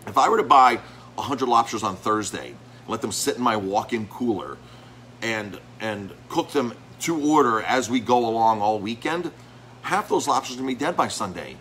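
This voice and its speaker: A restaurant owner who is also its chef talks casually to the camera about reviews of his place, rambling, restarting often and repeating words. His mid-range voice is animated and a bit bright at a moderate pace, and the rough recording carries a little hiss or hum.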